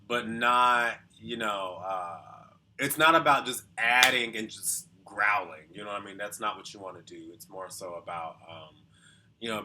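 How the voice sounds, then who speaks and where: A man's voice: fairly low pitch, bright, forceful tone, slight background noise. A man talking as a vocal coach in casual reaction commentary, explaining thoughtfully with lots of hedging and sometimes singing short demos.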